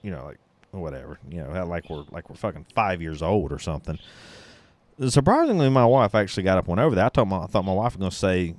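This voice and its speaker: Hosting a podcast, a man tells a story in a blunt, rambling, casual way, swearing plenty and sipping beer as he talks. His low-pitched voice is animated, fast, and a little mellow, with no room sound.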